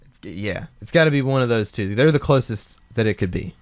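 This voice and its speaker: A man's voice: medium pitch, lively intonation, brisk, dry recording. A man with a mid-range voice co-hosts a casual podcast and gets worked up guessing what a TV show will do next. He trips over his words, repeats them and laughs often. The mic is close and the sound dry. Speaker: podcast co-host. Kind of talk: casual chat.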